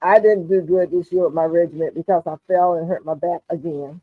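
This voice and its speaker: A woman with a Southern US accent hosting a casual livestream chat, relaxed and talkative, often murmuring "mm-hmm" and reading comments aloud. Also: fairly low pitch, a little fast, no echo. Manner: relaxed, chatty, frequent "mm-hmm". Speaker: livestream host. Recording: dry, phone-like narrow sound.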